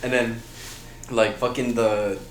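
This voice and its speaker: A man's voice: mid-range voice, slow pace, reverberant, a little hiss or hum. A young man, a podcast guest, telling childhood stories in casual chat, laughing and swearing as he goes. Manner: animated storyteller, laughing and swearing.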